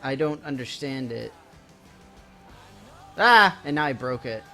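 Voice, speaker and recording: With game music faintly audible, a young streamer mocks himself and his hectic day in a casual chat with viewers during a live game. He speaks at a slow pace in a medium-pitched, animated voice that is bright and forceful.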